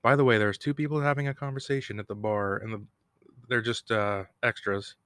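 A man's voice: lowish voice, steady tone, brisk, a bit bright, clear, resonant tone, no room sound, studio quality. A man casually recapping a TV episode on his own, rambling, joking and laughing at himself. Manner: self-deprecating, rambling, laughs at own jokes. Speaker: podcast host recapping an episode. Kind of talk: casual solo recap with jokes. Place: home recording room, cat bell nearby.

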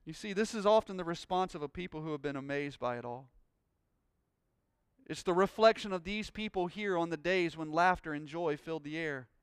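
A man preaching a sermon, telling a personal story and rising into loud, joyful praise. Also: fairly high pitch, a little fast, smooth, no room sound, studio quality. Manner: exuberant, shouting praise. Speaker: pastor.

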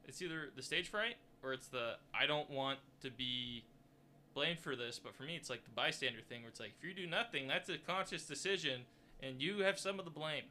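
A man co-hosting a casual sports talk show, animated and quick to laugh. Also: fairly high pitch, slight background noise. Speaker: podcast co-host.

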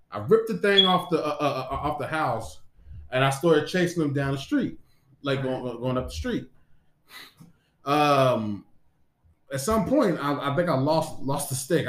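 A man telling a long dream story in casual chat, full of restarts and cursing. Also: mid-range voice. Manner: rambling, profane, many restarts. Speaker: podcast co-host. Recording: echoey room.

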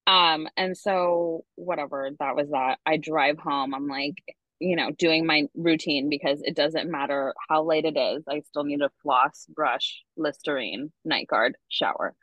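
A woman's voice: low voice, unhurried, a bit bright, dry recording, poor audio. A woman co-hosting a podcast, telling a story in a candid, profane, casual way with lots of fillers. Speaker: podcast co-host. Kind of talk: casual chat.

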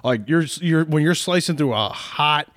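A man co-hosting a podcast in casual banter, animated and quick to laugh. His voice sits a little high for a man. The sound is dry and close to the mic. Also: no room sound. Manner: animated, laughs a lot, rambling restarts. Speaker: podcast co-host. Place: podcast studio.

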